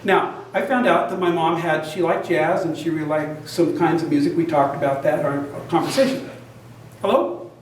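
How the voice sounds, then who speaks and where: An older man telling a lively personal story to an audience, acting out the other people's lines as he goes. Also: fairly high pitch, brisk, hardly any pauses, slight background noise. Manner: animated, self-described big talker, acts out both sides of dialogue. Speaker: genealogy society presenter. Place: meeting room with an audience. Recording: very echoey room, mic at a distance.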